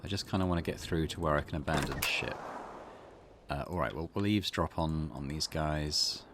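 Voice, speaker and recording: A man hosting a let's play at home, thinking aloud in a relaxed way with many fillers. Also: very deep voice, moderate pace, noisy background. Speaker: gaming channel host. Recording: game music behind.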